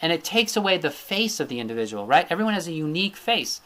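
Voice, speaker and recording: A man's voice: on the high side, sing-song, quick pace, a bit bright. Man lecturing with fillers and tag questions. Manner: thinking aloud, with frequent fillers and "right?" tag questions. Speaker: Ayurveda teacher. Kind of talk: recorded lecture with slides.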